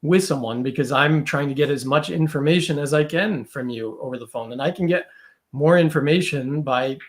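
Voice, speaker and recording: A man with a higher-set speaking voice talks as a guest on a podcast. He is loose and chatty, often checking in with "right?" and "like." His delivery is easygoing and conversational. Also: normal speed. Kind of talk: casual conversational interview.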